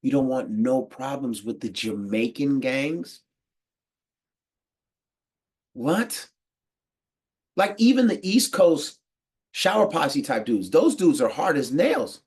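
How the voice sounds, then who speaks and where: An American man giving a casual, slangy monologue to the camera, animated and quick to laugh. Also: mid-range voice, breathy edge. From United States. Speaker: podcast host.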